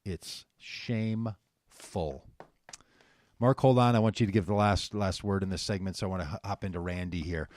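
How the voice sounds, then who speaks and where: A man's voice: low voice, normal speed, a little mellow, no room sound. A man hosting a political talk radio show, delivering an impassioned, sarcastic monologue and taking calls.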